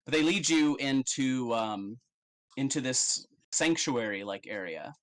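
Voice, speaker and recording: A man's voice: medium pitch, animated, unhurried, a bit bright, rough recording. A man narrating as game master in a casual, rambling way with many fillers.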